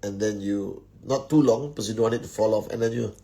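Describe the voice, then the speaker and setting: A man's voice: on the low side, fast talker, gravelly, dark tone. A man hosting a live stream from home, upbeat as he rattles off greetings to many viewers before a casual motivational talk, speaking into a phone. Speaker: host of a network marketing live stream. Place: at home, indoors.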